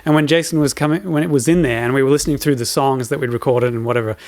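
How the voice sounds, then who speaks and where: Man, podcast co-host, casual rambling chat, mid-pitched voice, lots of fillers. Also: very fast, a little mellow, dry recording. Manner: rambling, full of fillers and restarts.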